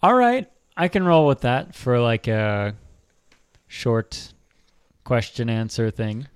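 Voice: medium pitch, very animated, slow pace, smooth, no room sound, studio quality. A podcast host in casual chat, steering the talk with questions.

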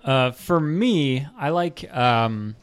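A man's voice: mid-range voice, lively intonation, drawn-out words, smooth. A man hosting a casual podcast chat, easygoing and hesitant with lots of fillers.

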